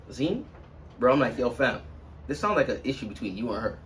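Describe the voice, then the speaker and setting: A man casually telling a long personal story on a podcast, acting out everyone in it with sudden loud, high-pitched bursts. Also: fairly quick, far from the mic, slight background noise. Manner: animated, swings into loud high-pitched quotes of others.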